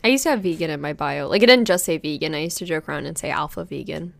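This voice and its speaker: A woman's voice: low-pitched, fast, creaky, no echo. A woman co-hosting a casual chat, telling stories and acting out what others said. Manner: chatty storyteller, imitates people in quotes.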